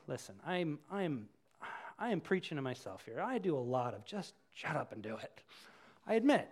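Lively high-voiced male preacher. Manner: animated, acts out scenes with voices. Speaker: pastor. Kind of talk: sermon.

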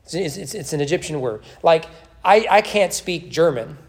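A man's voice: fairly high pitch, lively intonation, normal speed. A man leading a church Bible study, teaching in a conversational way with joking asides.

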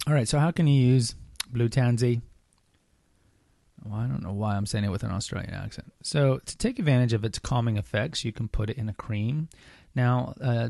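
A man's voice: lowish voice, gravelly, a little mellow, no room sound, clean studio sound. A man hosting a solo podcast, talking casually with rambling asides and self-corrections. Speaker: podcast host.

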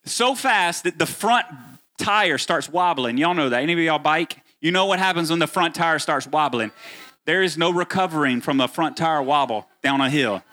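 Bright-voiced preaching man. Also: a little high, moderate pace. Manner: animated preaching, addresses congregation directly. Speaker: pastor. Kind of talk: sermon.

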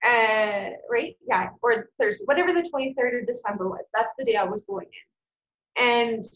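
A woman, guesting on a podcast and telling a personal story in a frank, blunt, animated way, swearing freely. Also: on the high side, moderate pace, roomy sound, muffled recording, a little hiss or hum. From Canada. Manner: animated, acts out quoted people. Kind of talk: casual storytelling.

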